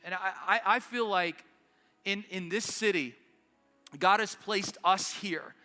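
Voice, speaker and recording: Bright, high-voiced impassioned male pastor. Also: slow pace, long reverb tail, faint music behind. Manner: impassioned preaching, urgent rallying calls. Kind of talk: sermon. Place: church service in South Denver.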